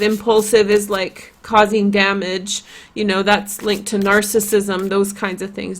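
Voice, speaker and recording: A woman's voice: mid-range voice, flat delivery, unhurried. Chatty woman with a Polish accent. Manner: chatty, rambling, lots of "like" and "you know". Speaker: tarot reader. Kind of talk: casual tarot reading.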